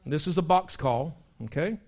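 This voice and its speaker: Male pastor, lively folksy sermon delivery, voice sits a bit high. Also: normal speed. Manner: animated, imitates animal calls and voices.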